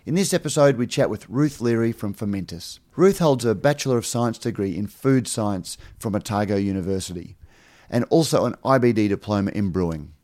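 A man hosting a beer podcast, interviewing a guest at a conference in a relaxed way with filler words. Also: on the low side, brisk. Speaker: podcast host. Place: conference venue.

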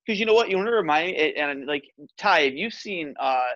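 A man hosting a laid-back podcast, reacting keenly and laughing often. His voice is a little high and bright. The recording is close and dry but a bit dull, as if on a slightly muffled mic. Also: lively intonation, fairly quick, no echo. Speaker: podcast host. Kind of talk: casual chat.

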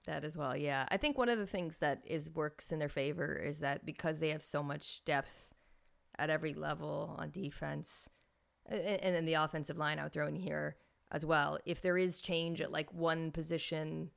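A woman's voice: low-pitched, fairly even intonation, normal speed, gravelly. A woman hosting a sports podcast, chatting casually and thinking aloud with fillers and restarts. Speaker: podcast host.

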